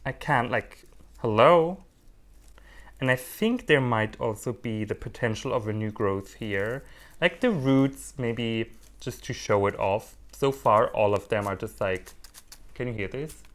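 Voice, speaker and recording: A man in the middle of a casual unboxing vlog, talking at an everyday middle pitch. He is lively and playful, often joking at his own expense as he chats. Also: a little slow. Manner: animated, playful and self-mocking. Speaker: orchid hobbyist vlogger.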